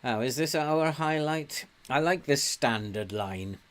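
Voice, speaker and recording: An older man from England talks through a football management game at an unhurried, easygoing pace. He chats casually, laughs often, and gets loud cheering his players on. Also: medium pitch, expressive. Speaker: game streamer. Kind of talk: casual gameplay commentary.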